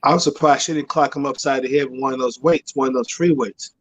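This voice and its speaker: A man's voice: mid-range voice, steady tone. A man from Chicago calling in to a live show, chatting casually and hesitantly. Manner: hesitant, halting. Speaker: caller. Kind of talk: casual call-in chat.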